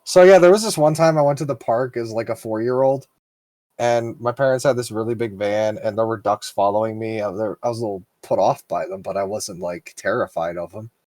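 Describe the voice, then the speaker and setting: A man's voice: on the low side, a little fast, darkish tone, no echo. Young guy podcaster rambling thru a story, laughs a lot, dry close sound. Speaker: podcast co-host. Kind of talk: casual chat.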